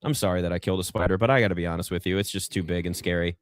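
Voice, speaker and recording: A man with a low, steady voice races through his talk while hosting a live basketball draft show from a garage set, with no echo on the sound. His sports chat is casual and rambling, sprinkled with self-deprecating asides.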